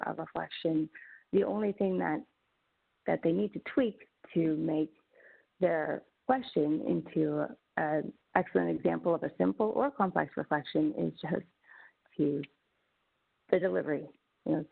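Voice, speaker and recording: A woman's voice: fairly low pitch, creaky, breathy edge. A woman presenting a teaching webinar as a social worker, talking conversationally with frequent restarts over a video call. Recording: tinny phone-like webinar audio.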